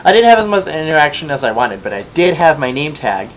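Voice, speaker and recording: A young man from Michigan telling a long casual story in a vlog, chatty and gossipy, with sassy asides and lively quoted voices. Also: fairly high pitch, fast, muffled recording, slight background noise. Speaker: vlogger.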